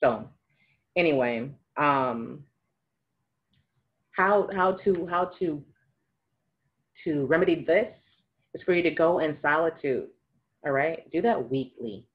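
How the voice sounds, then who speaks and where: Low-voiced woman giving chatty spiritual advice. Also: expressive, slow, long pauses, dull audio. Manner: chatty, laughs often, acts out little dialogues. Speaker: spiritual advisor. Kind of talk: casual spiritual advice monologue.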